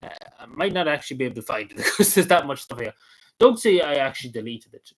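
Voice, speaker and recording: A man hosting a casual livestream, talking in a halting, rambling way with frequent laughs and restarts. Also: on the high side, very animated, rough recording. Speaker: livestream host.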